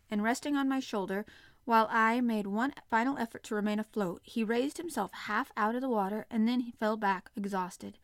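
A woman reads a classic adventure novel aloud in the first person, with an expressive, dramatic delivery. Her voice sits slightly high. The recording is dry and close, with no room sound. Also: no echo. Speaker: audiobook narrator.

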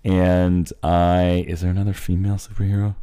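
Podcast co-host, man, very low voice, blunt, profane, playful storyteller. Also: level tone, moderate pace, dark tone, clear, resonant tone. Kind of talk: casual chat.

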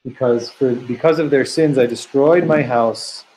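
A man leading a text study class. He translates Hebrew and Aramaic phrases line by line and slows down to quote verses. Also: medium pitch, darkish tone, slight background noise, rough recording. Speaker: teacher.

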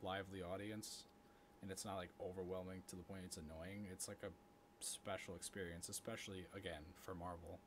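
A man co-hosting a podcast in casual chat, animated and getting louder as he gets worked up. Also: low-pitched, fairly quick, background noise. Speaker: podcast co-host.

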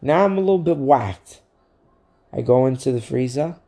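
A man co-hosting a podcast, telling a profane, animated story in casual chat. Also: medium pitch, normal speed, gravelly. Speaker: podcast co-host.

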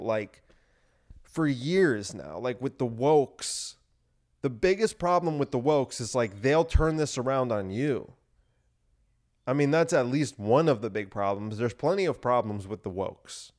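A man's voice: mid-range voice, darkish tone. A young man ranting sarcastically in a casual solo podcast, swearing often and using "like" a lot. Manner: ranting, profane, sarcastic, heavy on "like". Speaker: podcast host. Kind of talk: solo rant.

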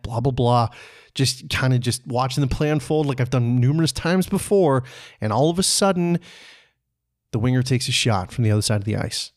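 A man from Canada telling a personal story on his podcast in a relaxed, conversational way, chuckling often and swearing casually. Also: mid-range voice. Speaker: podcast host.

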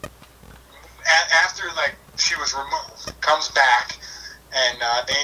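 Bright-voiced man telling a story from afar. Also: mid-range voice, slow, breathy edge, recorded from a distance, low-quality recording. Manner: animated, chatty, full of "like" and "I was like". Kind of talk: casual storytelling.

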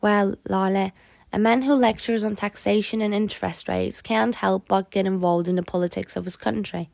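A gentle, wry older Frenchman, calm and kindly, read by a woman. The voice has a gravelly edge and is recorded close and dry. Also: high voice, moderate pace, no room sound. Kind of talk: audiobook character voice.

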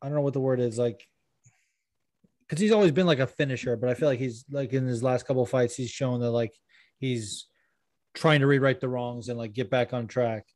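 A man's voice: medium pitch, fairly quick, darkish tone, no echo. A man hosting a casual podcast, rambling with lots of fillers and laughing easily while reading listener questions. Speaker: podcast host.

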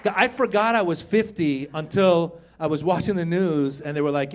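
A man in his fifties doing a stand-up comedy set on a club stage, animated and acting out the voices in his bits. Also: fairly high pitch, moderate pace, some chatter behind. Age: 50s. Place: comedy club stage before a live audience.

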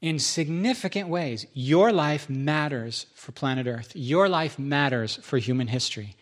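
A man's voice: fairly high pitch, measured pace. A male pastor preaching a sermon, listing points, repeating them for emphasis and making joking, self-deprecating asides.

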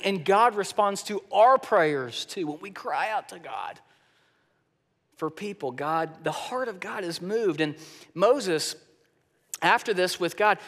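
A male pastor preaching a sermon, telling scripture stories with animated swings in pitch and loudness. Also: long reverb tail.

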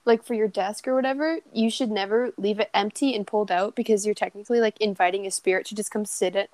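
A woman's voice: mid-range voice, fairly even intonation, fast, darkish tone, dry recording. Giggly teen girl, dry close sound. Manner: giggly, lots of laughing and apologizing. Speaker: podcast co-host. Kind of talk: casual chat.

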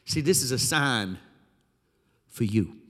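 A man preaching a sermon as a pastor, telling the story with animated, dramatic flair in a large church hall. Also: medium pitch, slow. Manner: animated, dramatic storytelling with vivid, sweeping delivery.

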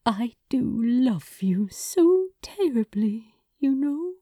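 A woman voicing a fussy, affectionate male angel in an audiobook reading, prim and gently mocking. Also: fairly high pitch, big pitch swings, takes it slowly, dry recording, studio quality, voice pushed up, full character voice. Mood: fond.

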